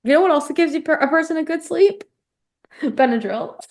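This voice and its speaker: A young woman with a high, bright-pitched voice co-hosts a podcast in loose, chatty talk. She speaks casually and drops in a friendly y'all. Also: animated, brisk. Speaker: podcast co-host. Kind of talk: casual chat.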